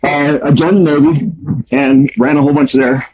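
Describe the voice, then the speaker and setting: A man's voice: on the high side, steady tone, normal speed, a crowd in the background. A man casually telling his life story, rambling with many ums and restarts. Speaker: storyteller guest. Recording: dull lo-fi sound.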